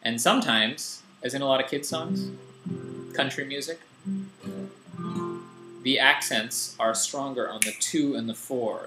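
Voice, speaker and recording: A young man casually teaching a guitar lesson in a relaxed, rambling, self-deprecating way, with guitar strumming behind him. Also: medium pitch, moderate pace. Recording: echoey room with loud guitar.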